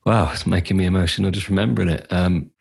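A middle-aged man with a very deep voice and a husky edge. He speaks candidly and with feeling, sometimes laughing at himself as he tells a personal story in conversation. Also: fairly even intonation, fast, darkish tone. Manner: candid, emotional, self-deprecating. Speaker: coach.

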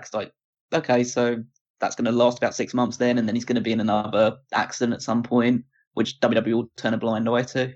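A man co-hosting a casual chat show, picking his words slowly and often starting over. His voice sits at an ordinary middle pitch. The audio is dull and lo-fi. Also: fairly even intonation, darkish tone. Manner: hesitant, restarts often, measured opinions. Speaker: podcast co-host. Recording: dull lo-fi sound.

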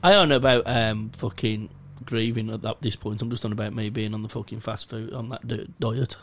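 A man's voice: on the low side, steady tone, a little fast. A young man, rambling through a sweary, self-mocking story in casual chat. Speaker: podcast co-host.

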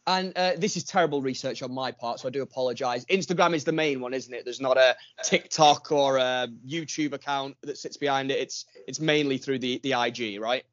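A man's voice: medium pitch, a little fast, few pauses, a bit bright, no echo, dull audio. A man hosting a casual podcast, chatty and teasing, enthusiastic when praising a guest. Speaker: podcast host.

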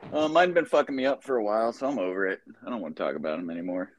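A man's voice: lowish voice, rapid-fire, a little hiss or hum. A man co-hosting a podcast, chatting casually and telling loose, profane stories with lots of fillers. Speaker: podcast co-host. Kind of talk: casual chat.

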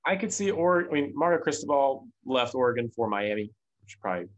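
A man's voice: medium pitch, expressive, a little fast, muffled recording. A young man co-hosting a casual sports talk show, laid-back and giving short replies.

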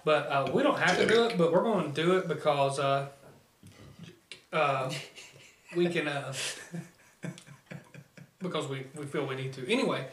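A podcast co-host with a mid-range, fairly bright voice talks at a moderate pace and pauses often. He rambles through a casual talk-show chat, full of fillers and casual swearing. The recording is from an echoey room with a distant mic and faint noise.

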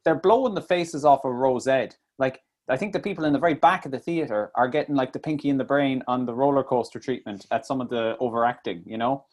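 Animated man ranting about a film. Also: mid-range voice, fast talker, few pauses. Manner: animated, swearing, mocking impressions. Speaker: podcast co-host. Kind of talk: casual film review chat.

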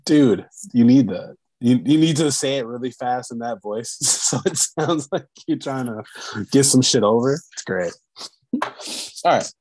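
A man's voice: medium pitch, measured pace, darkish tone, no room sound. Teasing man co-hosting a podcast. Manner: teasing, laughs often. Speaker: podcast co-host. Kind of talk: casual chat.

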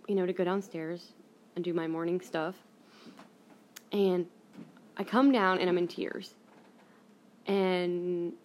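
A young woman with a somewhat low voice hosts her own podcast and tells a personal story in a loose, chatty way. She rambles, restarts sentences and leans on fillers as she goes. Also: darkish tone. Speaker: podcast host.

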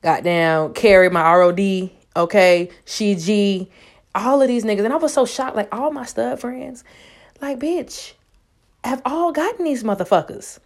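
Young woman, twenties, casual storytime, profane, loud, squealing jumps in pitch. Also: moderate pace. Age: 20s. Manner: loud, profane and animated, jumping to high squeals. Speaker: vlogger.

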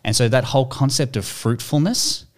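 A man's voice: medium pitch, lively intonation, normal speed. A man in a casual bible discussion, thoughtful, reading verses aloud and building his points step by step. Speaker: bible study co-host.

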